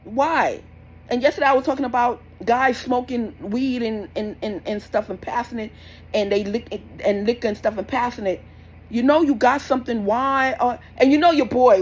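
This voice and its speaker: A woman's voice: a little high, normal speed, breathy edge, low-quality recording. A young woman, giving blunt, repetitive parenting advice in a scolding, casual rant. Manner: blunt, scolding, repeats herself. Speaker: parenting vlogger.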